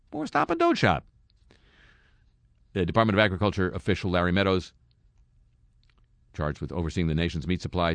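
A man's voice: deep voice, no room sound. A man hosting a satirical news segment, reading stories and tossing in wry, sarcastic asides. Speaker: comedy news host.

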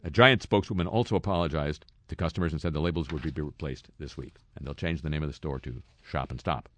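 A man's voice: rumbling low, fast, no echo. A man hosting a satirical news segment, reading stories and tossing in wry, sarcastic asides. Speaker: comedy news host.

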